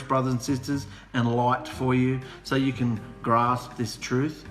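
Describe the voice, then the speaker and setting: A man preaching an animated, humorous sermon, sarcastic and worked up. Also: mid-range voice, unhurried. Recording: echoey room with music behind.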